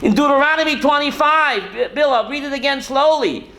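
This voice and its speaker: A rabbi teaching a Torah class to students, animated and full of rhetorical questions. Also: male voice, very high-pitched, brisk, vocal fry, slight background noise. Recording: roomy classroom echo.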